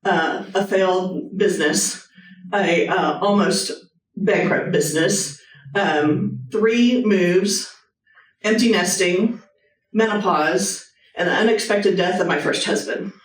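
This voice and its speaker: A woman's voice: lowish voice, takes it slowly, pauses often, recorded from a distance. Lady in her 50s giving a heartfelt talk, roomy hall, mic a ways off. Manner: earnest, personal, talks straight to the audience. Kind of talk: motivational talk with guided meditation. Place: hospital hall with a live audience.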